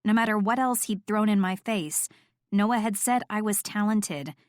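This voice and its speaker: A woman narrating a first-person romance audiobook in an even, wry, reflective reading. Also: mid-range voice, normal speed, no echo, studio quality.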